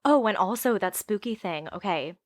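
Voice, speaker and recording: A young woman co-hosting a podcast, chatting casually and giggling through animated stories. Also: medium pitch, normal speed, no room sound, studio quality. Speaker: podcast co-host. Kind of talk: casual chat.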